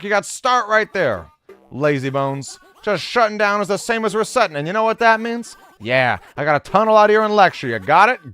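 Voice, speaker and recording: A man's voice: high voice, fairly bright tone, clear, resonant tone, voice pushed up. A man putting on a cranky New York mole. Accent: put-on New York. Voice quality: tough-guy slang, scolding, sarcastic. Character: gruff grumpy male mole, short-tempered lecturer.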